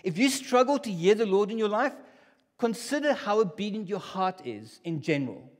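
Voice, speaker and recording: A man's voice: sits high, big pitch swings, normal speed. Conversational preacher man in a reverberant hall. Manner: conversational, swings from hushed to loud. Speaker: pastor. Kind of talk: sermon. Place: church hall.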